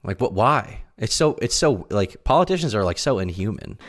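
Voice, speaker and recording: A young man reacting to clips on a live stream, sarcastic and jumping into loud, incredulous yelps. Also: on the low side, very animated, normal speed. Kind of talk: casual reaction stream commentary.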